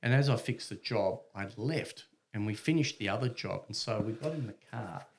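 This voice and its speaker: A man's voice: fairly low pitch, moderate pace, gravelly. A man telling a casual anecdote, acting out voices and chuckling mid-sentence. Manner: animated, acts out voices, laughs mid-sentence. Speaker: storyteller.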